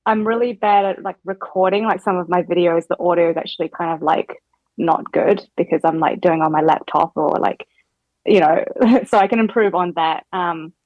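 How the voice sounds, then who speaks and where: A woman's voice: on the low side, moderate pace, no echo, highs cut off. Chatty New Zealand woman on a call. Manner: chatty, lots of "like" fillers, laughs often. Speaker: guest rapper. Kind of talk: casual chat.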